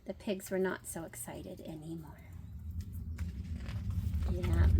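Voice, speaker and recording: An older woman reading a picture book aloud to children, chatty and pausing to comment and wonder aloud between pages. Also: lowish voice, steady tone, noisy background.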